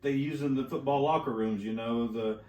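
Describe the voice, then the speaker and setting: A man's voice: medium pitch, fairly quick, darkish tone. A man co-hosting a casual podcast, mostly chiming in with short agreeing replies. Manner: supportive listener, brief agreeing replies. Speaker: podcast co-host. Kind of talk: casual chat. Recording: echoey room, mic at a distance.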